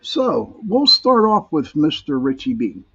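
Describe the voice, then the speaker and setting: His voice is on the high side and sing-song, a little slow, with vocal fry and a pushed, bright, husky quality. He hosts a live-stream podcast, chatting in a friendly, rambling way full of fillers and restarts, and the streamed sound is dull and lo-fi.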